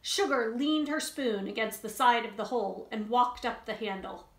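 A woman reading a children's book aloud in an expressive way to young listeners. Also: on the high side, moderate pace. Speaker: storybook reader. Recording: roomy echo.

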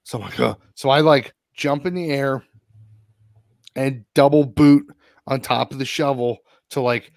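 A man's voice: mid-range voice, measured pace, no room sound, clean studio sound. A man co-hosting a podcast, telling a long story and swearing constantly. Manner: swears constantly, animated retelling. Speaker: podcast co-host. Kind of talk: casual profane storytelling.

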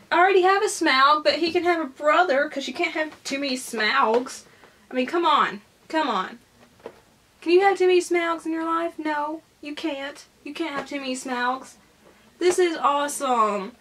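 High-pitched girl vlogger gushing over gifts, kinda teary and soft, faint hiss behind. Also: moderate pace. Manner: gushing and excited, often tearful and soft. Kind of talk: casual unboxing vlog.

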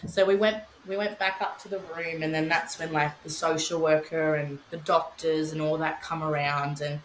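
A woman's voice: sits low, flat delivery, normal speed, reverberant, slight background noise, rough recording. A young woman telling her story in casual podcast chat, candid, swearing freely, with many fillers. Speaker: podcast guest, bereaved mother.

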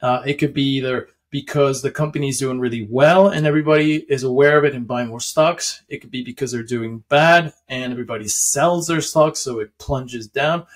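A man's voice: mid-range voice, moderate pace, few pauses. A young man casually explaining how stocks work, rambling with many fillers and restarts and chuckling often. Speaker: finance video host.

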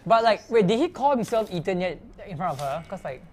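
A woman's voice: mid-range voice, big pitch swings, fairly quick, darkish tone, a little hiss or hum. A woman hosting a gameplay stream, chatting and joking with many fillers. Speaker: gameplay host. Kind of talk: casual gameplay commentary.

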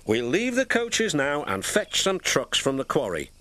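A man's voice: on the high side, wildly swooping pitch, unhurried, pushed and bright, voice pushed up, exaggerated voice. A British man voicing a kindly male engine driver in a storybook, speaking in an encouraging way. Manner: kind, encouraging.

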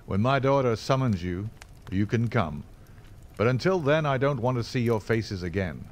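A man voicing a sturdy, hot-tempered old farmer who protects his daughter, gruff and sardonic. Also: medium pitch, animated, moderate pace, slight background noise, lightly acted. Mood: angry.

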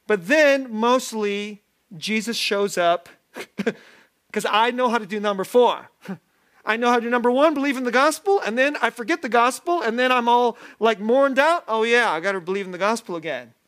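A man preaching a sermon as pastor, lively and self-deprecating, often laughing as he talks. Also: extremely high pitch, unhurried. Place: church sanctuary.

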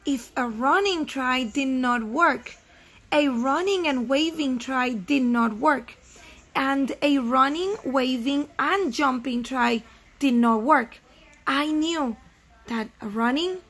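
A woman reading aloud as an encouraging frog from a children's storybook, in a slow, coaxing voice. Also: high voice, fairly bright tone, exaggerated voice. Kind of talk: read-aloud character voice.

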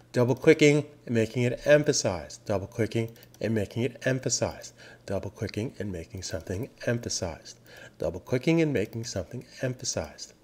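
A man teaching web design software, narrating a screen recording in an upbeat, emphatic way and repeating key phrases. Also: mid-range voice. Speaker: software trainer.

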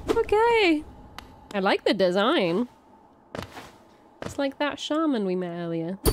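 A woman giving casual, excitable commentary as she plays a game, gasping and swearing at enemies. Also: on the high side, noisy background. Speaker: gaming streamer. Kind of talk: casual let's-play commentary. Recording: game music playing behind. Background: game music.

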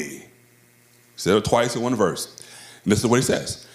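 A male pastor preaching a sermon, with emphatic delivery that swings between high, drawn-out phrases and low, quiet ones. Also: lively intonation. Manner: emphatic preaching with wide swings in pitch and loudness. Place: church sanctuary. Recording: roomy church echo.

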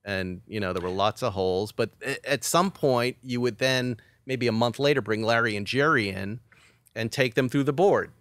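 A man's voice: medium pitch, moderate pace, clear, resonant tone, dry recording, clean studio sound. A middle-aged man, a comedy writer, telling a story in a podcast interview and acting out the quotes. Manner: animated storyteller who acts out quotes.

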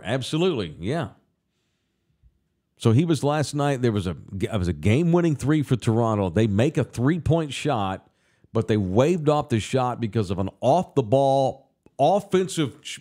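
Man, talk show host, swearing rant, pitch all over the place, mid voice. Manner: profane, ranting, animated. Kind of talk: casual studio talk show.

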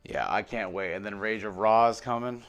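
A man opening trading card packs on camera, rattling off card names and swinging between quiet mutters and excited, sweary outbursts. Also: lowish voice, moderate pace, highs cut off. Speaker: card pack opener on a video channel. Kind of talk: casual pack-opening commentary.

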